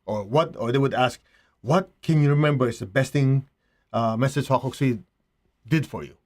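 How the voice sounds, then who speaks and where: A middle-aged man, a spiritual teacher, giving a slow, reflective talk with rhetorical asides. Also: mid-range voice, darkish tone.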